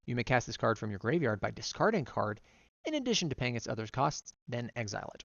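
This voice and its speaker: A man streaming as a vtuber, casually reading game card text aloud one card after another, quick and run-on. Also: mid-range voice, very animated, creaky, fairly bright tone, no room sound, highs cut off.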